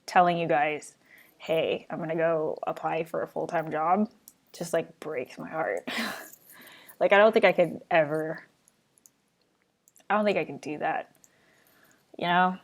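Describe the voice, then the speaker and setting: A woman's voice: low-pitched, fairly even intonation, unhurried, creaky, pauses often. A young adult woman hosting her own live show, chatting casually and rambling as she answers viewer questions. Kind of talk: casual live-stream chat.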